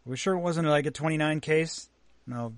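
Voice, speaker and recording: A man's voice: a little high, brisk, no room sound. A man hosting a talk show, reading out news items and then chatting loosely.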